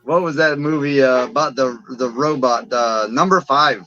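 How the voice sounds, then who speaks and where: A man's voice: mid-range voice, moderate pace, pushed and bright, no room sound. Joking man over dull, dry call audio. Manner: joking, teasing banter. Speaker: guest.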